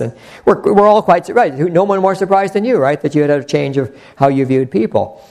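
A man's voice: high-pitched, moderate pace, dark tone. An older man preaching an earnest, conversational sermon, rambling with frequent restarts. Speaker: pastor.

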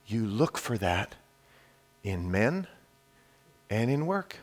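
A man's voice: fairly low pitch, lively intonation, slow pace. Emphatic male preacher. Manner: emphatic, shifts between loud declarations and quiet hushed lines; addresses the congregation directly with rhetorical questions. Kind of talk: sermon.

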